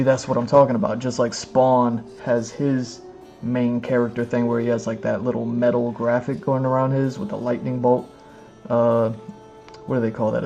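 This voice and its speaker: A man streaming live as he reads comics aloud, rambling and filling every pause with "like" and "you know what I mean". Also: medium pitch, gravelly, mellow, dull audio. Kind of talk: casual live-stream commentary.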